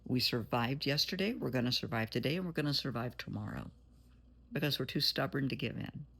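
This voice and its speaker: A woman's voice: a bass voice, lively intonation, brisk, creaky, fairly bright tone, slightly rough. A woman therapist giving an earnest, motherly pep talk straight to her viewers, blunt at times. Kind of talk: encouraging direct-to-camera talk.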